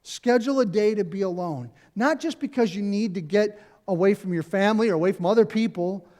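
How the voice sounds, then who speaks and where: A man's voice: high-pitched, a little fast, warm tone. A middle-aged man, a pastor, preaching a conversational sermon in a church, repeating key phrases and adding asides. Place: church sanctuary.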